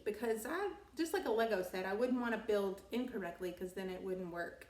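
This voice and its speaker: A woman's voice: mid-range voice, lively intonation, normal speed, hardly any pauses. A woman teacher, patiently walking young children through a grammar lesson, asking questions and answering them herself. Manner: patient, encouraging, asks and answers her own questions. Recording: roomy sound, slightly far from mic.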